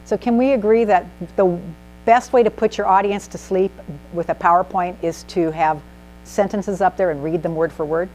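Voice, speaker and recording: A woman giving an animated, emphatic presentation to a small group in a meeting room, asking the audience questions as she teaches. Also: lowish voice, normal speed, a little hiss or hum, rough recording. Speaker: speaker at a speaking club. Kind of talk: instructive presentation.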